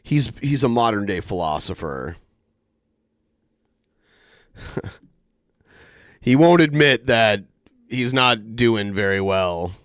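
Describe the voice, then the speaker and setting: A man's voice: on the low side, expressive, slow, pauses often, a bit bright, smooth, no echo. A man hosting a podcast, giving dry, mocking remarks on clips. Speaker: podcast host. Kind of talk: casual chat.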